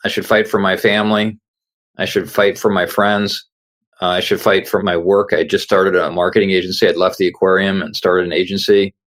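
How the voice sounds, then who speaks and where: A man's voice: sits low, little pitch movement, fairly quick, fairly bright tone. A middle-aged man, a guest on an interview show, earnestly telling a personal story and acting out the words of the people in it. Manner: earnest storyteller, acts out quoted dialogue. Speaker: guest, author.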